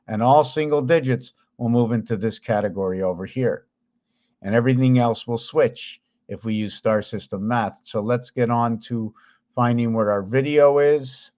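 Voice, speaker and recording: A man's voice: mid-range voice, darkish tone, muffled recording. A man explaining number patterns in a rambling way, thinking aloud, counting and correcting himself as he goes. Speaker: video host.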